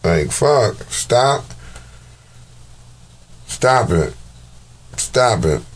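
A man's voice: mid-range voice, very animated, very slow. A man giving casual, profane commentary on battle rap videos, exasperated and heavy on slang.

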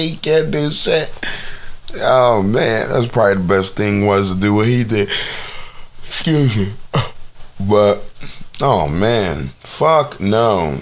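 A man talking casually into the camera in a loose, rambling monologue, swearing often and dropping fillers like "you know what I'm saying.". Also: mid-range voice. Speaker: vlogger commenting on news and videos.

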